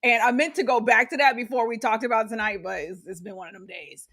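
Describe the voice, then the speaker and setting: A woman's voice: on the high side, fast talker, a bit bright. A woman co-hosting a casual gossip podcast, reading out headlines and viewer comments and swearing freely. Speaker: podcast co-host.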